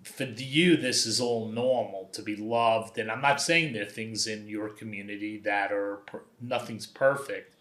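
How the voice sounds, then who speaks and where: An older man from Brooklyn, sitting as a guest and spinning personal stories with animated energy. His voice sits fairly low and comes through forceful and bright. The room adds a noticeable echo around him. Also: a little slow, hardly any pauses. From Brooklyn, New York. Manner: animated anecdotal storyteller, acts out quoted voices. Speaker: guest, documentary photographer. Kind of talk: conversational storytelling. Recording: roomy echo.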